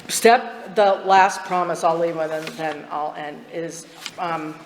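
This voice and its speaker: A woman's voice: low voice, steady tone, takes it slowly. A woman speaking at a recovery meeting, sharing her story candidly with frequent laughs. Her voice rings through a large, echoey hall with long reverb. A faint hum of background noise sits underneath her. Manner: candid, chatty, laughs often, restarts sentences. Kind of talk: personal testimony at a twelve-step meeting.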